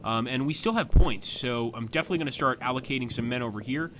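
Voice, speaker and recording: A man commentating his own live stream of a strategy game, chatting to viewers as he plans moves, with sudden bursts of excitement. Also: mid-range voice, fast talker, background noise.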